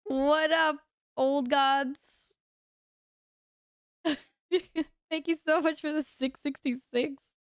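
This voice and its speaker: A woman's voice: high voice, fairly even intonation, drawn-out words, long pauses, no room sound, studio quality. A woman streamer chatting casually with her viewers while gaming at home, laughing often and reacting aloud.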